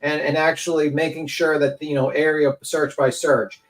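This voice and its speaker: A man's voice: fairly high pitch, little pitch movement, normal speed, crowd noise, low-quality recording. A man hosting a livestream, giving heated, blunt opinion commentary with plenty of profanity.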